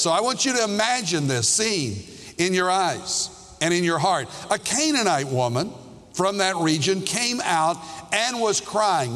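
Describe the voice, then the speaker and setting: A pastor preaches a sermon in a voice slightly high for a man and a bit bright, taking each phrase slowly and leaning into emphasis. He puts questions to his congregation, and a long hall reverb trails every line.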